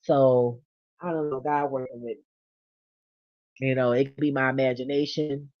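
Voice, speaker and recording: A woman venting in a casual monologue, blunt and profane, swinging from low mutters to loud rants. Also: fairly even intonation, moderate pace, no echo. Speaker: vlogger. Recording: dull lo-fi dry recording.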